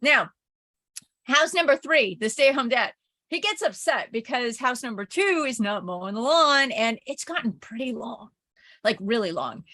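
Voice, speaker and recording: Woman professor, higher-pitched voice, loose chatty lecture delivery, tells stories. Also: lively intonation, moderate pace, sharp tone. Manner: chatty anecdotal storytelling with frequent "like" and "right?". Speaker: communication professor. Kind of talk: informal recorded lecture.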